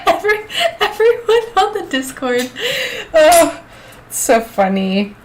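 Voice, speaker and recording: Chatty high-voiced woman streamer, unhurried. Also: big pitch swings, a little hiss or hum. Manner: chatty, reads chat aloud, laughs often. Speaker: livestream host. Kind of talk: casual chat while crafting. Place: home craft workspace.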